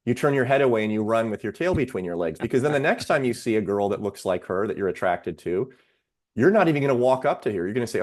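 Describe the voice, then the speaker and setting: Medium-pitched and animated, his tone a bit dark, a male psychiatrist talks as a podcast guest. He walks through ideas steadily and measuredly, using worked examples in an explanatory interview.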